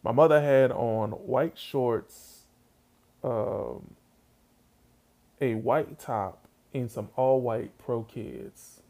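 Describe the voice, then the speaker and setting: A man's voice: mid-range voice, drawn-out words, creaky, dark tone. A man telling a funny childhood story in a casual, slangy way, talking straight to his listeners.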